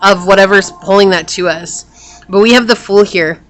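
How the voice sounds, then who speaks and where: A woman's voice: medium pitch, moderate pace, fairly bright tone, soft background music. A woman talks through a tarot spread in a loose, chatty way, with a mid-range voice. She leans on fillers and restarts, and she breaks off now and then for hiccups. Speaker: tarot reader. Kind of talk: casual spoken tarot reading.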